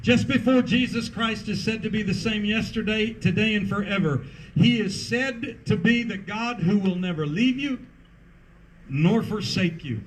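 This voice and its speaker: A man with a high voice delivers an outdoor sermon at an unhurried pace, building emphasis through repeated refrains. Faint open-air ambience sits under his words. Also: slight background noise, low-quality recording. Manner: emphatic preaching with rhythmic repetition. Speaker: pastor. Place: outdoor parking lot service.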